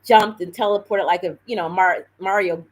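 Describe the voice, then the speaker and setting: A woman's voice: fairly low pitch, steady tone, normal speed, rough recording. A woman on a live stream telling a story in a casual, rambling way, full of fillers and self-corrections.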